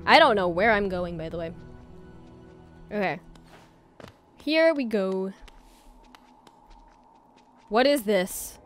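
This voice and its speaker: A woman's voice: medium pitch, expressive, slow, long pauses. A woman streaming a video game, chatting along and bursting into startled shrieks. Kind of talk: live gameplay commentary. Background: faint game music.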